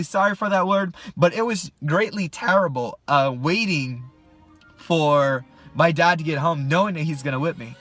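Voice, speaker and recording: Sex: man. Style: casual storytime vlog. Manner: animated, jokey. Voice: bright, fairly high, with faint music. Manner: animated, jokey, talks straight to camera.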